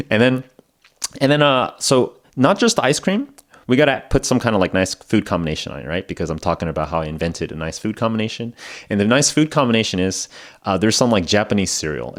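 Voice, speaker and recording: Chatty rambling man teaching English. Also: fairly low pitch. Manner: rambling and chatty, frequent "like", laughs at himself. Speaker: podcast host teaching English. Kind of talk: casual spoken lesson. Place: lives in Japan.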